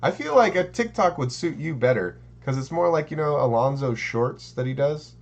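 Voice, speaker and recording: A man's voice: on the high side, expressive, moderate pace, vocal fry, lo-fi sound. A man co-hosting a podcast, rambling in casual chat with lots of "like" and "um". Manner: rambling, full of "like" and "um". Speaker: podcast co-host.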